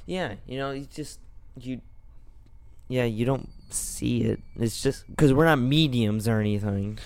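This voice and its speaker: Man, mid-pitched, podcast co-host, casual teasing asides. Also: measured pace, clean tone. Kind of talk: casual chat.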